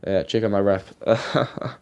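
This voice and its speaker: A man's voice: fairly low pitch, measured pace, a little mellow, clean tone. A young man giving rambling, casual commentary over his football game footage, swearing now and then. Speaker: gaming YouTuber.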